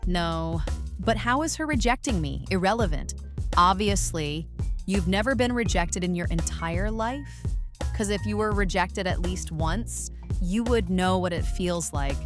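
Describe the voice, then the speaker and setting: A woman hosting a reaction video, giving mocking, deadpan commentary on clips. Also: fairly low pitch, a little slow, music in the background. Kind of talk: sarcastic commentary.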